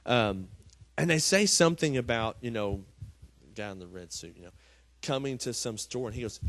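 A man's voice: mid-range voice, lively intonation, moderate pace, fairly bright tone. A man preaching a conversational sermon from scripture. He often repeats his words and asks the congregation "Amen?". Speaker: pastor.

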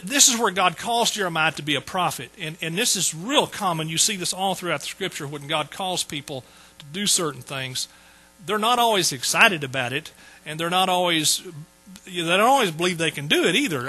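A man's voice: a little high, bright, forceful tone, breathy edge, poor audio. A man preaching a sermon in a folksy, joking way. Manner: folksy, joking asides to the congregation. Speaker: pastor.

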